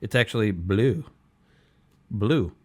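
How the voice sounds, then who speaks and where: A man's voice: on the low side, lively intonation, takes it slowly, a little mellow, breathy edge. A man co-hosting a comedy podcast in casual chat, sounding dry and skeptical. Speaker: podcast co-host.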